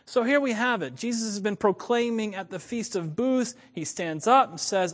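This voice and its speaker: A man with a fairly high voice preaches a sermon with animated energy. He chuckles often and repeats his points for emphasis. His words ring out with the long reverb of a large hall. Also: normal speed.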